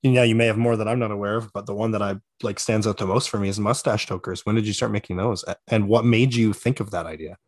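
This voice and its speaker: A man's voice: fairly low pitch, steady tone, quick pace, few pauses. A man from Canada hosting a casual interview, asking upbeat, friendly questions. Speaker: host.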